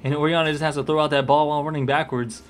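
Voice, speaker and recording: A young man casually commentating his own video game match, upbeat and excitable, with a hiccup now and then. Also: fairly high pitch, rapid-fire. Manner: upbeat, excitable, chatty with fillers. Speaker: gaming commentator.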